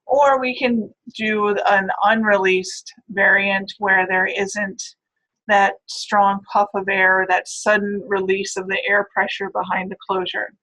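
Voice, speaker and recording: A woman's voice: mid-range voice, level tone, slow, bright, forceful tone, rough recording. A woman giving a recorded phonetics lecture, explaining step by step and checking in with "right?" and "all right.".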